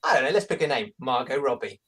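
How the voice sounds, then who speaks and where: A man's voice: mid-range voice, animated, fast, sharp tone. A man guesting on a casual podcast, laughing often and telling stories with animation.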